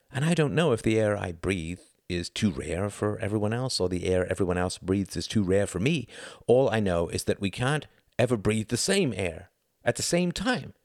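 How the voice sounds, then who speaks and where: A man's voice: fairly low pitch, no echo, studio quality, pitched above the performer's own voice, heavily acted. A man doing a brooding, troubled young man.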